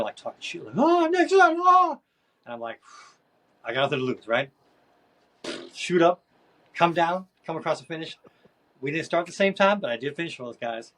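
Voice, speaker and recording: A man as a podcast guest, telling a story in a casual, animated way and acting out other people's voices. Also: mid-range voice, a little fast, long pauses. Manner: animated, acts out voices in his stories.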